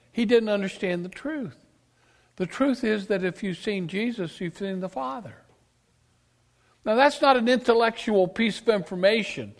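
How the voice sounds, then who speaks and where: A male preacher delivering an emphatic sermon, asking his congregation questions and swinging between loud declarations and quiet asides. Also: high voice. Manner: emphatic, rises and drops sharply, asks the congregation questions. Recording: long reverb of a church hall.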